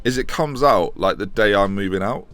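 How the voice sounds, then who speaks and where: Hoarse low-voiced streamer. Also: male voice, normal speed, fairly bright tone, faint music behind. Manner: chatty, rambling, restarts and self-corrections. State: hoarse from a chest infection. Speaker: gaming streamer. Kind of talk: live game stream commentary with chat Q&A. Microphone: desk microphone.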